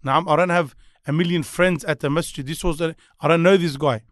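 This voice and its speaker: Earnest young Australian man, a bit high. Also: steady tone, a little fast, no room sound, studio quality. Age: young adult. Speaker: guest speaker. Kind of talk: casual chat.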